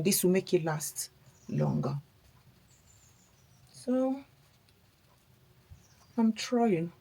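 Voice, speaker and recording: Beauty vlogger, woman, husky, lowish voice, chatty and reflective. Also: darkish tone. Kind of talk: casual chat while doing makeup.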